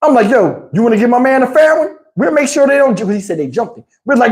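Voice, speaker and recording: Speaking quickly with hardly any pauses, a high-pitched man hosts a casual storytime over poor audio. He animatedly voices the quoted lines and keeps laughing as the story unfolds.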